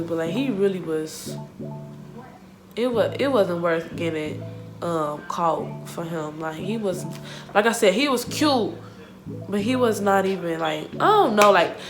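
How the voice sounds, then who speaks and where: Young woman, casual storytime, slangy, animated quoting, mid pitch, music in background. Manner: animated, slangy, acts out quotes of others. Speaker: vlogger. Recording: music playing behind the voice.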